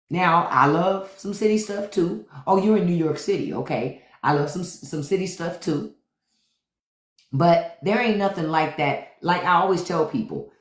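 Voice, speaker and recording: A podcast host from Washington, D.C., talking loose and profane on a livestream. His pitch swings widely as he riffs. The sound bounces around an echoey room. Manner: animated, profane riffing. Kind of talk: casual livestream chat.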